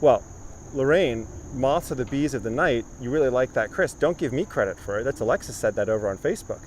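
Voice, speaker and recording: Outdoors with plenty of background noise, a man guides viewers through a garden on a live stream, reading their comments aloud as he chats. His medium-pitched voice is expressive and a little fast.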